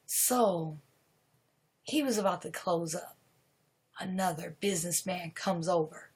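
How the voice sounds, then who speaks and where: Slow-telling woman live streamer. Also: fairly low pitch, breathy edge. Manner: animated, drawn-out, breaks into shouts at the gory parts. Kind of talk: casual spooky storytelling on a live stream.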